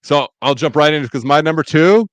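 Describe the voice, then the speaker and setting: A man's voice: on the high side, fairly quick, no echo. A man hosting a podcast in casual chat, telling reflective stories about family cooking with enthusiasm. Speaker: podcast host and chef.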